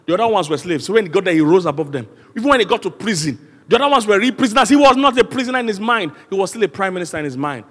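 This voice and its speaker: A Nigerian man preaches in a large church hall, and his voice rings with a long reverb. His pitch sits a little high. He drives his points home with repeated refrains and calls for the congregation to answer back. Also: expressive, racing, fairly bright tone. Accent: Nigerian English. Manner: emphatic preaching with call-and-response and repeated refrains. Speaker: pastor. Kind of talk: sermon.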